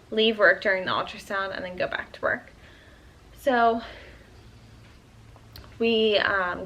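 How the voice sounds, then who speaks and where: A young woman in her twenties with a bright, clear voice, chatting casually to her viewers. She tells her story in a loose, conversational way, full of "um" and "like", at an ordinary pitch for a woman. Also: poor audio. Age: 20s. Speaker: vlogger.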